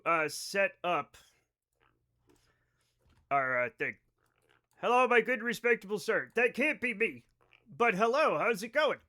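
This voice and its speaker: Male streamer, high bright voice, loose rambling chat to viewers, casual swearing. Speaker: livestreamer. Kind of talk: casual live-stream chat over gameplay.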